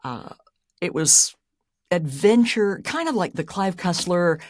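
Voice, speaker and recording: A woman's voice: fairly low pitch, slow, no room sound, studio quality. A middle-aged woman, an airline pilot and audiobook narrator, telling stories in a casual interview with frequent laughs and sudden rises for emphasis. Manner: animated storyteller, laughs often, voice jumps up for emphasis.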